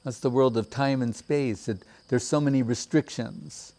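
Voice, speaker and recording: A man giving a measured, reflective devotional talk with many pauses. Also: mid-range voice, fairly even intonation, warm tone. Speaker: spiritual teacher. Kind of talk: devotional discourse.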